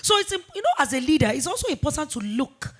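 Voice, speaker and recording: A woman in her forties, a business founder talking in a fireside chat interview, emphatic and animated, repeating points for weight. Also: high voice, fast talker. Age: 40s. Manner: emphatic, animated storytelling with repetitions.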